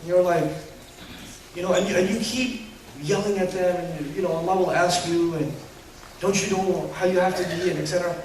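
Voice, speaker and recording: High-voiced male lecturer in an echoey hall. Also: normal speed, slight background noise. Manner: animated and humorous, rhetorical questions. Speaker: Islamic lecturer. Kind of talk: lecture to an audience. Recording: echoey hall, distant mic.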